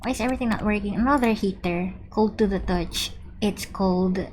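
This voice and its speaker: A woman's voice: medium pitch, moderate pace, a little mellow, a little hiss or hum. A young woman, chatting casually through a live game stream and reading the on-screen text aloud. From Philippines. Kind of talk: live gameplay commentary.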